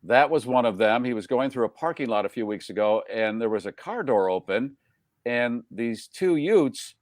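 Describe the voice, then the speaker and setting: Male show host, mid-pitched, wisecracking, reads listener names, dry close studio mic. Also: expressive, moderate pace, no room sound. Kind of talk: casual live show banter.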